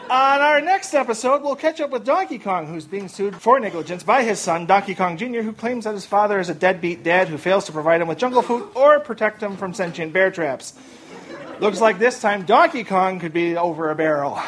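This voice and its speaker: A performer voicing Mario as a flustered talk show host with a fake Italian accent, stammering as he tries to calm things down. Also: medium pitch, a little fast, a little hiss or hum, lightly acted. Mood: announcing.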